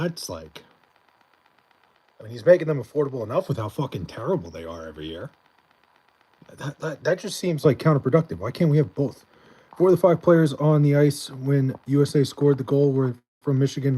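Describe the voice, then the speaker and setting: A man's voice: medium pitch, mellow, breathy edge. A man chatting casually on a live stream, reading and answering chat messages in a rambling, swearing way, his voice mostly gone so he half-whispers.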